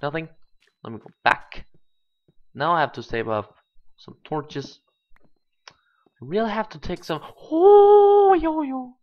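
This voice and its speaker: Through a dull lo-fi home mic, a gaming channel host talks through a let's play in an unhurried, mid-range voice with long pauses. Thinking aloud, he periodically explodes into excited exclamations.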